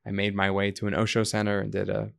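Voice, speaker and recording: A man from the United States speaks as a podcast guest, with a low, gravelly voice. He talks reflectively and drifts into stories. He animates the people he quotes. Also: monotone, fast, fairly bright tone. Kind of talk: conversational interview.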